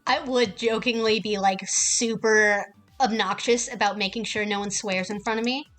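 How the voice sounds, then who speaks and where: A woman's voice: medium pitch, steady tone, moderate pace, fairly bright tone, soft background music. A woman streaming a game, ranting casually with heavy swearing. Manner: profane and heated.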